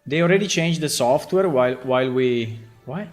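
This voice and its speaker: A man talks loosely on a live stream about developing his game. His pitch sits in an ordinary middle range, and he doubles back and repeats himself often as he reacts. Faint music plays underneath him. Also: moderate pace. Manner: chatty, amused, many restarts and repeated words. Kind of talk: casual live-stream commentary.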